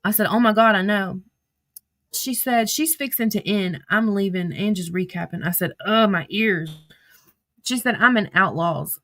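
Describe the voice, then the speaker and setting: A woman's voice: medium pitch, normal speed, fairly bright tone. Blunt, foul-mouthed woman. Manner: blunt and profane, with sudden outbursts. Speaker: social media drama commentator. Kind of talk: casual reading of text message screenshots.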